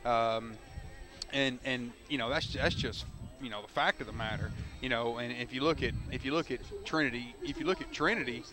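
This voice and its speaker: A man doing color commentary on high school football, excitable and rambling with lots of repeats. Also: brisk. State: out of breath.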